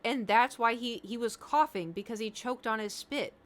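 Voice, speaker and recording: A woman's voice: fairly high pitch, moderate pace. Woman streaming, rambly casual storytelling, chats to her cat.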